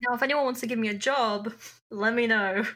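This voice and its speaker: A woman's voice: a little high, steady tone, fairly quick, fairly bright tone. Young woman co-hosting a podcast. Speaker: podcast co-host. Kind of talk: casual chat.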